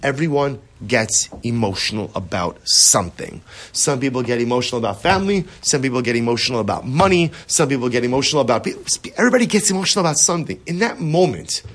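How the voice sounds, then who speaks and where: A man teaching a Torah class, animated and rhetorical, often checking in with the listeners. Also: mid-range voice, fast.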